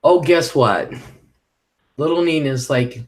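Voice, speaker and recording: Slow-talking new guy rambling on a live chat, cusses when he gets worked up. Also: mid-range voice, animated. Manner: rambling, chatty, swears when annoyed. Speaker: live stream host. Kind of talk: casual live chat reading viewer comments.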